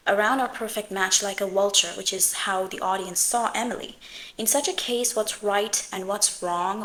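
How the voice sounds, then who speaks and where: Woman, video essay host, scripted commentary, measured, analytical, mid-pitched voice. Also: a bit bright, slight background noise, poor audio.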